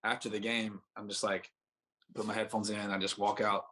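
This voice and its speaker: A man's voice: fairly low pitch, little pitch movement, moderate pace, pushed and bright. A young man in his twenties, a podcast guest, telling a rambling anecdote full of fillers and acted-out dialogue. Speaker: podcast guest, baseball pitcher. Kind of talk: casual storytelling.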